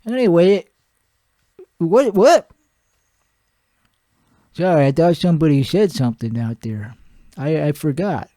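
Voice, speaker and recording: A man's voice: on the high side, animated, measured pace, pauses often, mellow, no echo, studio quality. A man playing a crude, boastful podcast host who rambles and laughs at his own jokes. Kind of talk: improvised character comedy monologue.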